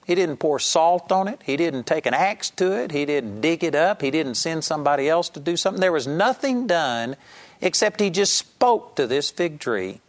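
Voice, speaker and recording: A man's voice: fairly high pitch, normal speed. A man preaching a conversational Bible-teaching sermon, acting out scenes as he explains a passage. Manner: conversational, animated, acts out the scene.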